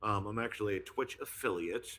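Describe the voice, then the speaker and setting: A man chatting casually as a guest, rambling along with plenty of fillers. His voice is fairly low but carries a bright, forceful edge. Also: brisk. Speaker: guest, streamer and voice impressionist. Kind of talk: casual chat.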